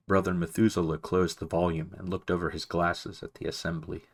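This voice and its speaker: A man narrating a children's novel aloud in a calm, measured reading. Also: low-pitched, gravelly. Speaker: audiobook reader. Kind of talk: storybook narration.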